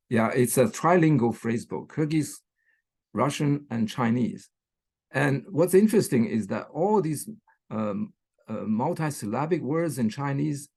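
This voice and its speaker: Gravelly man lecturing online, checking "right?". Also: medium pitch, darkish tone. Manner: frequent fillers and "right?" checks. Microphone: computer mic on a video call.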